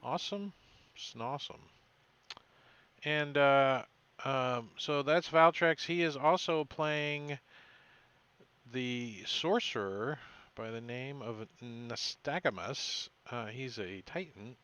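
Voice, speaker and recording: A man running a tabletop game as game master, recapping the session in a halting way with many fillers and self-corrections. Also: medium pitch, fairly bright tone, clean tone, no echo, muffled recording.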